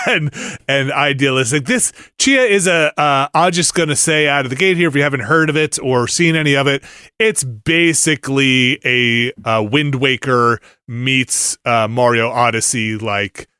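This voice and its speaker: A man's voice: mid-range voice, big pitch swings, a little slow, bright, forceful tone, clean tone, no room sound, clean studio sound. A man hosting a casual podcast, joking and laughing through an ad read. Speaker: podcast host.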